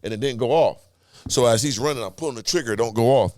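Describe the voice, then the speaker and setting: Male podcast guest, rapid profane storyteller with a dry, close sound. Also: mid-range voice, darkish tone, no echo. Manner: profane, vivid, with sound effects and acted-out quotes. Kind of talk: animated storytelling.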